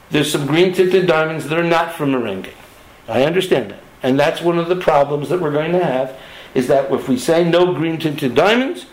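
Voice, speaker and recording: A man's voice: fairly high pitch, roomy sound, poor audio. Impassioned man making an earnest appeal. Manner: impassioned, emphatic, repetitive. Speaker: head of a diamond trading network.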